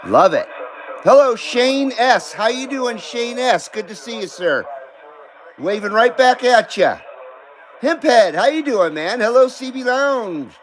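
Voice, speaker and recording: A Southern California native hosts a live radio-hobby stream from home in Carson City, chatting casually, cursing freely and greeting viewers by name. He speaks unhurriedly in a very high voice with lively intonation, and the recording quality is low.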